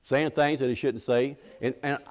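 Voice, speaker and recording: A man's voice: mid-range voice, fairly even intonation, normal speed. A middle-aged man preaching a sermon in a folksy, conversational way, often restarting his sentences and acting out the scripture quotes.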